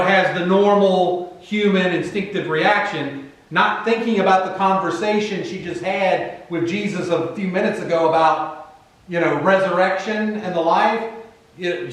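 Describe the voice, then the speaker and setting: A man with a Virginian accent, preaching a sermon conversationally and acting out Bible figures in quick asides. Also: high-pitched, fairly bright tone. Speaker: pastor. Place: church. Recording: very echoey room, far from the mic.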